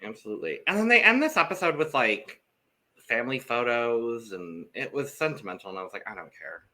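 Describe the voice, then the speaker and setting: Dry, sarcastic man with a lively voice. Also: medium pitch, brisk. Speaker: podcast co-host. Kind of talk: casual chat.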